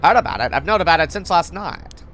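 A woman voicing a blunt, swearing teenage delinquent girl in a video game, with a low, dismissive drawl. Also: big pitch swings, quick pace, a bit bright, faint music behind. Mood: gruff.

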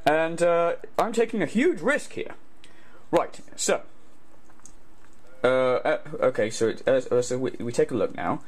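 A man's voice: on the high side, expressive, a little slow, pauses often, voice pushed down. A man impersonating a whiny male streamer taste-testing noodles, rambling and stammering as he chuckles off-mic. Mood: mock-solemn. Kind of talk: parody impression.

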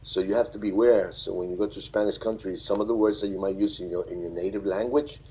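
A man live streaming, reading viewer comments aloud and thanking them in a halting, friendly way. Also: lowish voice, steady tone, dark tone, slightly rough, low-quality recording. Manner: halting, with many fillers and restarts. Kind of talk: casual live-stream chat.

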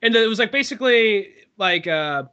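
Man, podcast co-host, high bright voice, eager and halting. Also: highs cut off. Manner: excited, halting, searching for names. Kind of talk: casual movie review chat.

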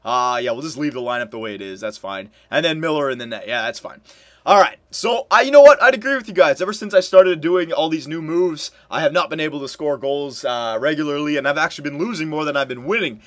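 A young man giving casual commentary while playing a hockey video game, muttering one moment and yelling in frustration the next. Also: fairly high pitch, quick pace, dry recording. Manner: excitable, swings from muttering to loud outbursts. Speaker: gameplay commentator.

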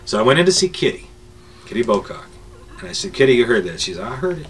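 An older radio man tells one story after another, wandering and pausing on "uh" as he goes. His voice sits at an ordinary middle pitch. He sounds a little distant from the microphone. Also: big pitch swings. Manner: rambling, anecdotal, many filler pauses. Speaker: radio morning show host. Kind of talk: reminiscing interview storytelling. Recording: voice a bit distant from the mic.

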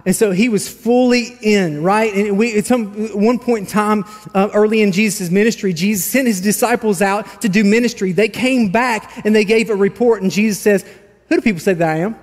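A man's voice: high voice, fairly even intonation, moderate pace, few pauses, big-room sound. A man preaching a sermon, telling a story with animation and reading scripture aloud. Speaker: pastor. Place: large church hall.

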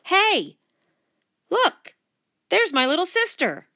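A woman doing a bratty loud boy. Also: a little high, lively intonation, slow, pitched above the performer's own voice, full character voice. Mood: gleeful yelling. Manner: yelling, taunting. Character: rowdy loud-mouthed boy, teasing older brother.

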